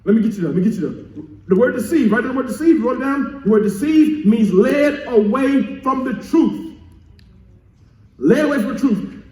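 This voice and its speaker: A male pastor preaching a sermon in call-and-response style, repeating key phrases and swinging from quiet teaching to shouted emphasis. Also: very high voice, animated, normal speed, distant mic. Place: church sanctuary. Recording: echoey church room.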